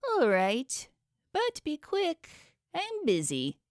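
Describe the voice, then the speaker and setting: A woman's voice: high voice, wildly swooping pitch, no room sound, studio quality, pitched above the performer's own voice, exaggerated voice. A woman voicing a pompous, impatient male underworld god who tries to sound royal. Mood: haughty. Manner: haughty, drawn-out, trying to sound royal. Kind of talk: audiobook character voice.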